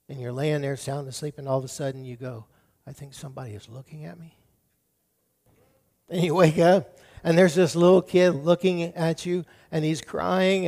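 Male pastor, middle-aged, high-pitched voice, sermon delivery, soft to loud swings. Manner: dynamic preaching, drops to soft tones then builds up loud.

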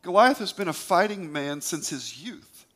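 A man's voice: sits high, animated, normal speed, a bit bright, pitched above the performer's own voice. A man voicing a fearful, doubtful king who dismisses a boy's offer. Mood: dismissive.

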